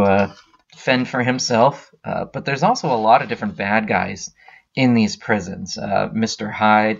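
Low-voiced man casually retelling a story. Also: a bit bright, lo-fi sound. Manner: rambling retelling full of "uh" fillers. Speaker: podcast host.

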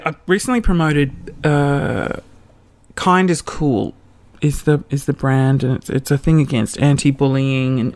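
A woman, a comedian telling a rambling, self-mocking story on her podcast. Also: low voice.

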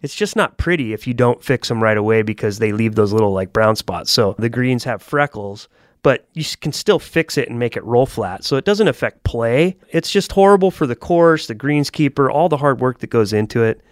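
A man's voice: mid-range voice, lively intonation, normal speed, no echo, clean studio sound. A man co-hosting a podcast, giving blunt opinions in casual chat and swearing freely. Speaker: podcast co-host.

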